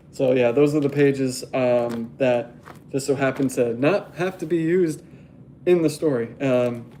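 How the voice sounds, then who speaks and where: A man's voice: mid-range voice, warm tone, a little hiss or hum. A young man in casual livestream chat as a graphic novel artist, rambling and laughing often as he talks.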